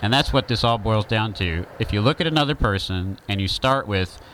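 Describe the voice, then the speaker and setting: Low-voiced Southern man talking casually. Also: lively intonation, fairly quick, fairly bright tone, a little hiss or hum, low-quality recording. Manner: conversational, rambling with fillers and restarts. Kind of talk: casual opinion monologue.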